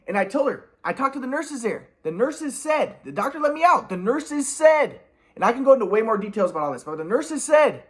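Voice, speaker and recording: A man's voice: very high voice, big pitch swings. Man rambling with many restarts. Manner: halting, full of restarts and repeated words; clears throat often. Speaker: vlogger. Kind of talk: rambling personal monologue.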